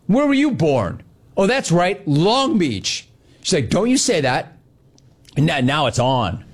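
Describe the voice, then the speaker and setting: A middle-aged man hosting a sports radio show, telling stories in a casual, animated monologue. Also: medium pitch. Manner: animated storytelling, mimics others in dialogue.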